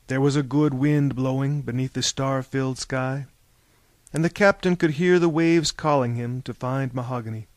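A man reading a novel aloud as narrator, in measured storytelling that turns theatrical in the dialogue. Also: mid-range voice, no room sound. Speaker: audiobook narrator. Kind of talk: scripted narration.

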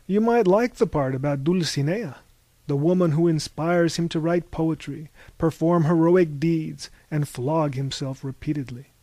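A man voicing a calm, charming male traveler who speaks in a lower, knowing tone. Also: a little slow, no echo. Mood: wry.

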